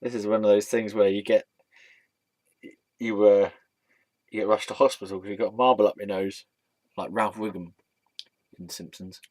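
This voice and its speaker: A man's voice: on the low side, little pitch movement, moderate pace, long pauses, a little mellow, no room sound, clean studio sound. A young man telling rambling, silly stories to his camera, giggling often and slipping into put-on voices. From England. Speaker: vlogger. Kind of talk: rambling casual vlog storytelling.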